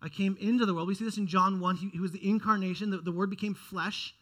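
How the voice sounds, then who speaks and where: Man, high voice, preaching sermon, earnest, restarts phrases, quiet to loud swings. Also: fairly even intonation, quick pace. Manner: earnest, repeats words and restarts phrases, dynamic rises and drops in loudness. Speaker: pastor.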